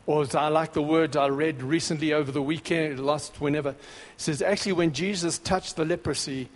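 A man preaching a sermon, dramatic, dropping to a hush and then rising to shouts. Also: on the high side, fairly even intonation, fairly quick. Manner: dramatic, swings between hushed and shouting. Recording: long hall reverb.

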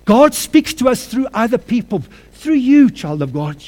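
A man preaching a sermon with personal testimony, calling listeners friends and child of God, moving from quiet storytelling to fervent shouting. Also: very high voice, big pitch swings, unhurried. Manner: swings from hushed to shouting with passion.

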